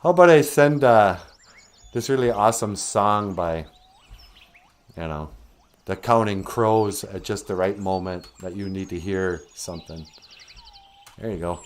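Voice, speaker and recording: A man's voice: sits low, a little slow, long pauses. A man hosting a comedic puppet show, rambling and giggling at himself. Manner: rambling, giggly, self-deprecating.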